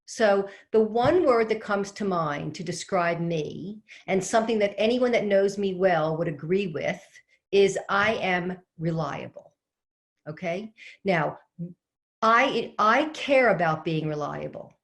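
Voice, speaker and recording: Speaking slowly in a mid-range voice, a middle-aged woman coaches on organizing during a video-call webinar from her home. Fresh flowers sit behind her as she tells a chatty story and poses questions to the audience.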